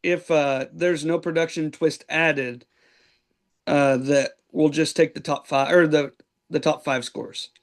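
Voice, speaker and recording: A man's voice: fairly high pitch, takes it slowly. Casual, hesitant man hosting a podcast. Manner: relaxed, hesitant with restarts and fillers. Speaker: podcast host. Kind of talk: casual chat.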